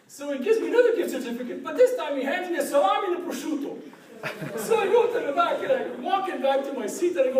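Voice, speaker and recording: A middle-aged man from Ottawa, a professor, telling a lively anecdote with frequent laughs and asides of "right?". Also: very high voice, fast. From Ottawa, Canada. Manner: animated, laughs often, keeps asking "right?". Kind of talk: storytelling anecdote. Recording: echoey room, distant mic, crowd chatter.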